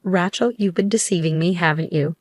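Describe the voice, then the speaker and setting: A woman reads as a resentful ex-husband who grumbles about his marriage and wheedles to win someone back. The voice sits a little low and sounds dry and close. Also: fairly quick, no room sound, lightly acted.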